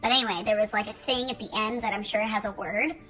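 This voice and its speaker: A woman's voice: medium pitch, fairly even intonation, fast talker, a bit bright, faint music behind, low-quality recording. A woman in her thirties chatting casually to camera in a rambling, joking, profane way. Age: 30s. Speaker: vlogger.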